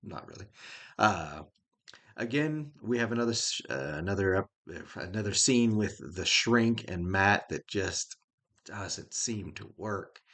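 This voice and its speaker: A man's voice: on the low side, expressive, a little slow, fairly bright tone. A middle-aged man giving a casual, rambling spoken review of a show, folksy and chuckling often.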